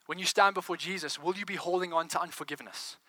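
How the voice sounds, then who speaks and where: A man's voice: sits high, fast, bright, forceful tone, dry recording. A man preaching a sermon, firing rhetorical questions at the congregation and repeating words as he builds momentum.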